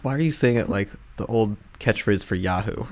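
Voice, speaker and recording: A man co-hosts a podcast in casual chat, speaking at a moderate pace in a fairly low, animated voice. His manner is dry, rambling, and hesitant, with many fillers and restarts.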